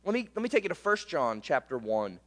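A male pastor with a high voice preaches in a loose, conversational way. He stumbles and repeats words, then drives home short refrains with emphasis. His voice carries a long reverb from a large hall. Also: big pitch swings, fairly quick. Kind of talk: sermon.

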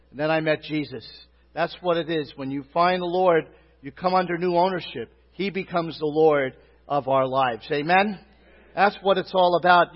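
A middle-aged man with a Brooklyn accent, a rabbi and pastor preaching a folksy sermon full of fillers and calls of "Amen?". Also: high voice. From Brooklyn, New York. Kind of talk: sermon greeting and testimony. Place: church sanctuary. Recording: reverberant hall, dull lo-fi sound.

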